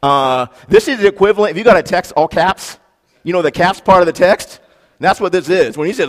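A man preaching a sermon in a relaxed, conversational way, with fillers and emphatic repetition. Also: high-pitched, fairly quick. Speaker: pastor. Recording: long hall reverb.

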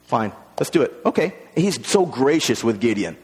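A man's voice: medium pitch, moderate pace, breathy edge. Man preaching a sermon in a reverberant hall. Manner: animated, acts out voices in quotes. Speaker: pastor.

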